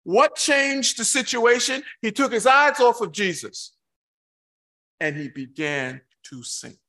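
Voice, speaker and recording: A man preaching a sermon, reading scripture slowly and emphatically with dramatic pauses, breaking into excitable asides. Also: very high voice.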